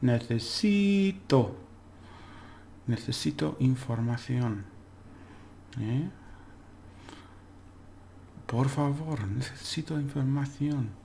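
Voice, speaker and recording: A man giving a relaxed, chatty language lesson, slowly repeating words for practice and laughing at his own slips. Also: medium pitch, vocal fry, slight background noise. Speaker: language teacher. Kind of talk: casual spoken language lesson.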